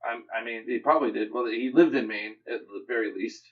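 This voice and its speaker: A man's voice: medium pitch, fairly quick, distant mic, lo-fi sound. A young man co-hosting a comics podcast, joking and teasing in casual banter. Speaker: podcast co-host.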